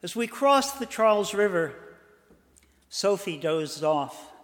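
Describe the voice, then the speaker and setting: Slow, high-voiced older male storyteller. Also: big pitch swings. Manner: measured, dramatic pauses. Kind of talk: told personal story. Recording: long hall reverb.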